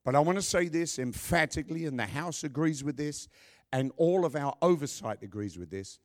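Lively, emphatic man preaching. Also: a little high, normal speed. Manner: emphatic, with joking asides to the congregation. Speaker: pastor. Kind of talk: sermon.

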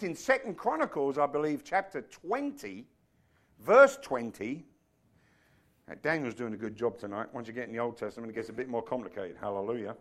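A man preaching a sermon in a fervent way, building to loud, emphatic lines. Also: a little high. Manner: fervent, rising to shouts.

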